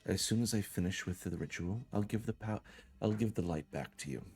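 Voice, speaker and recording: A patient inner spirit that speaks softly and persuasively, voiced by a man running the game. His very deep voice stays hushed and close. Faint music sits behind. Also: fairly quick, breathy edge. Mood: coaxing. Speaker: dungeon master.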